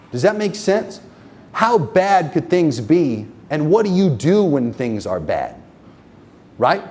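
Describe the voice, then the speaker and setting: In a slightly high voice with a darkish tone, a marketing agency owner presents a workshop live to a room of business owners. His style is profane and emphatic, and he regularly checks in with the audience using questions like "okay?" and "right?".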